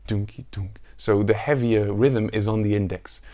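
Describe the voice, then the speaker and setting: A man teaches a ukulele song in a relaxed, casual tutorial, counting beats aloud, explaining the plucking pattern and softly singing lines. His voice is on the low side at normal speed, with ukulele playing under it.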